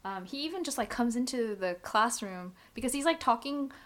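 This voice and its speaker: A woman's voice: on the high side, lively intonation, brisk, fairly bright tone. Chatty young-sounding woman recapping a show. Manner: chatty, lots of "like", laughs often. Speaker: podcast co-host recapping a drama. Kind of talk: casual chat.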